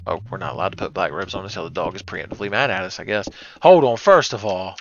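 A man's voice: sits low, fast. A man giving sarcastic, crude, joking commentary while playing a retro horror game. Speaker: let's play host. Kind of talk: comedic let's play commentary. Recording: slightly dull lo-fi mic with faint hiss.

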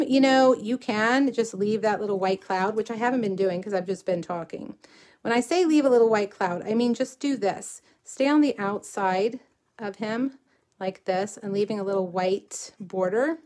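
A woman's voice: medium pitch, darkish tone. A middle-aged woman leading a live craft tutorial, talking her steps through and rambling into friendly asides as she works. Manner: chatty, rambling asides while working. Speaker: craft demonstrator.

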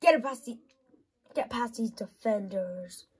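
A woman giving excitable commentary while playing a football video game, often shouting and squealing at the match. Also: a little high, a little slow, slightly rough, low-quality recording. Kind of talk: gaming commentary.

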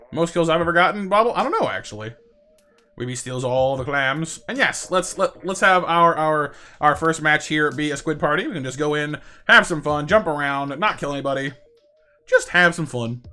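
Bright-voiced chatty gamer man. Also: normal speed, soft background music. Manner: chatty, stutters and repeats words, bursts into high excited yelps. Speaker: streamer playing with viewers. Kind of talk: casual live-stream chat over gameplay.

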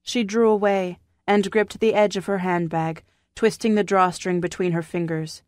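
A woman narrating a historical novel audiobook in a measured, even storytelling manner. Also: mid-range voice, no echo, clean studio sound. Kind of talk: scripted narration. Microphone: studio microphone.

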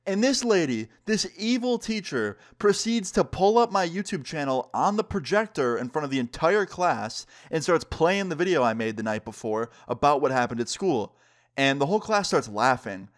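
A man YouTuber telling a storytime vlog with lively, acted-out dialogue. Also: fairly high pitch, normal speed.

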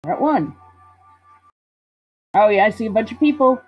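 A woman's voice: a little high, expressive, normal speed, darkish tone, breathy edge. A woman casually commenting on a video game she streams, reading text aloud and joking about it. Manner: playful, reads game text aloud and jokes. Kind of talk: casual let's-play commentary. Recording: dull lo-fi stream audio with game music.

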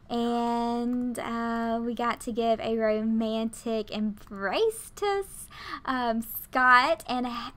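Bright-voiced gushing woman gamer. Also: a little high. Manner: gushing, exclamatory, chatty. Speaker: gaming video host. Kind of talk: excited game commentary.

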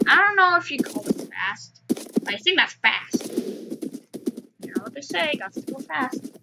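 A playful woman talks her way through a game in a somewhat high voice that swings up and down a lot. She takes her time, humming little tunes between remarks. A steady noise sits under the recording. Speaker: gamer. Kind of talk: casual gameplay commentary.

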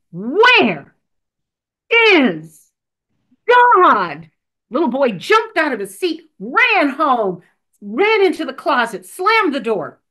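A woman reading a joke and a devotional at church, expressive and deliberate. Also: high voice. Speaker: church lay reader.

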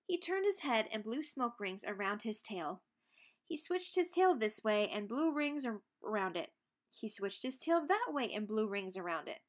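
Expressive woman reading a children's book. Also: fairly high pitch, moderate pace. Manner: expressive, playful sound words. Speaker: read-aloud narrator. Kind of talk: children's book read-aloud.

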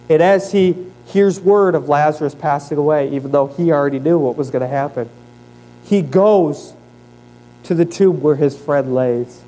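A young man preaching a church sermon, starting low and earnest and building to loud, rising exhortation. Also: low-quality recording. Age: young adult. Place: church sanctuary.

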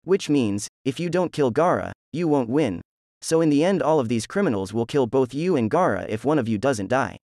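A man's voice: mid-range voice, expressive, normal speed, darkish tone, no echo, studio quality, lightly acted. A man voicing a stern teenage girl ninja who speaks in a serious, warning way.

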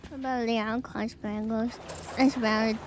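Woman, game streamer, playful, self-mocking, unhurried, slightly high. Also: fairly even intonation, noisy background. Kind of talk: casual live-stream chatter.

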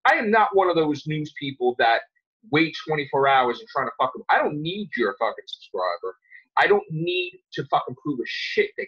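A man hosting a podcast, ranting angrily with lots of swearing and sudden loud outbursts. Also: on the high side, very animated, moderate pace, husky. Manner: heated, profane, jumps to loud outbursts. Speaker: podcast host. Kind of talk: angry podcast rant. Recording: dull lo-fi sound.

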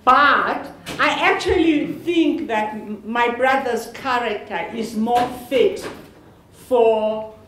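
A woman's voice: fairly high pitch, fairly bright tone. Older South African woman in an echoey hall. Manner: chatty and joking, often laughing, with halting restarts. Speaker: panel speaker, sister of the honoree. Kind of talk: informal public talk at a lecture panel. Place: university lecture hall. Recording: echoey hall with faint noise.

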